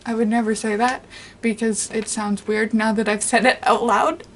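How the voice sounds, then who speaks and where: A woman's voice: medium pitch, level tone, moderate pace, a little hiss or hum. A woman vlogging in a casual, rambling way, chatting and then reading poems aloud. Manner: chatty, rambling with many likes.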